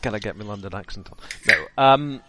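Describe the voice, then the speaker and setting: Male player, bright, animated voice, playful. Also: on the low side, brisk, slight background noise. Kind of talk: casual game chat and reading handouts aloud.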